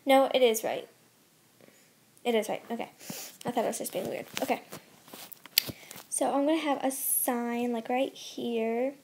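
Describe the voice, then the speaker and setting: A woman hosting a gameplay channel, chatting and rambling as she builds, her voice soft and worn from recording. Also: a little high, measured pace, creaky, pauses often, slight background noise. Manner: chatty, rambling, thinking aloud while building. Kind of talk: casual gameplay commentary.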